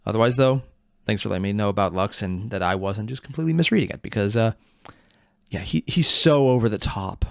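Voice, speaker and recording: A man's voice: lowish voice, fairly quick, gravelly, smooth, no room sound, clean studio sound. A young man hosting a casual reaction video, talking in a playful, jokey way with lots of asides. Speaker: anime reaction channel host.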